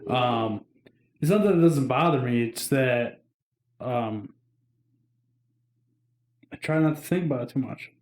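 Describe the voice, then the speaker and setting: A man's voice: mid-range voice, a little slow, pauses often, darkish tone. A man co-hosting a podcast in casual chat, laid-back and dry in his replies. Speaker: podcast co-host. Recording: echoey room.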